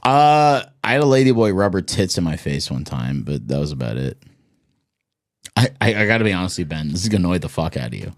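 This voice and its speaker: A man's voice: sits low, sing-song, fast. A man on a comedy podcast, talking in a rambling, profane, giggly way. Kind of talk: crude comedic banter.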